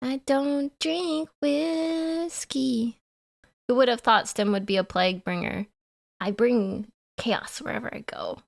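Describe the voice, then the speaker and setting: A woman's voice: medium pitch, moderate pace, creaky. A woman livestreamer chatting casually with her chat in a playful, giggly way.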